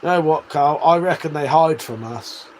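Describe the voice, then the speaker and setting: Bloke on a livestream, sweary and matey, laughing a lot, voice a bit high, faint hum behind. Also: male voice, normal speed, a little mellow, poor audio. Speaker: livestream host. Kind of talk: casual livestream chat, reading viewer messages.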